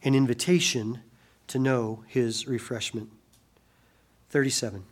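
A pastor delivers a sermon in a mid-range, steady voice. He acts out quoted voices with sudden loud rises, then drops soft and slow on the solemn points.

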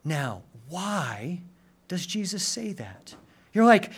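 A man preaching a sermon, swinging from loud urgent emphasis to hushed intensity, with casual slang asides. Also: high voice, very animated, slow, husky. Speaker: pastor.

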